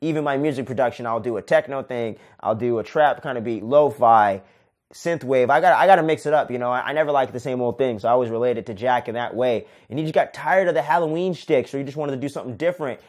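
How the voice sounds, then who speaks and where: A man's voice: mid-range voice, fast talker. A man hosting a casual solo movie review, enthusiastic and profane, who ends sentences with "man". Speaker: podcast host, film reviewer.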